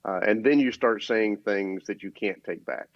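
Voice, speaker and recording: Low-voiced man on a dull dry line. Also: normal speed, no echo. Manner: steady, explanatory, many restarts. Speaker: podcast co-host. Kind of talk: casual business talk.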